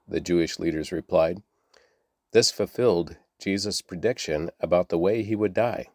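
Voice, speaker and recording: A man reading scripture aloud at a steady pace, now and then repeating a word or correcting himself. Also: sits low, moderate pace, no echo, clean studio sound. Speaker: Bible reader.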